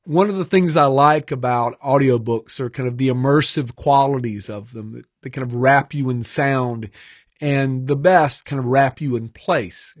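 Middle-aged author, thoughtful conversational read, mid pitch, dry booth. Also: male voice, dry recording. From Georgia, US South. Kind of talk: recorded author talk. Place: recording studio.

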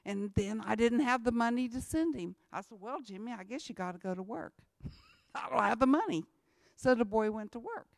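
Woman, missionary testimony, repeats herself for emphasis, higher voice, dry close sound. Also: animated, moderate pace, vocal fry, dry recording. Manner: repetitive, emphatic storytelling. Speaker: missionary speaker. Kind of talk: church testimony talk.

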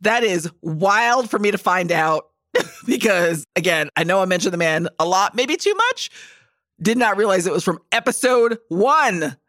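Woman co-host reading emails, mid-pitch voice, blunt and excited, dry close mic. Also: a little slow, no echo. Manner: blunt, enthusiastic, swears, deadpan asides. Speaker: podcast co-host. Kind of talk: casual chat, reading listener emails.

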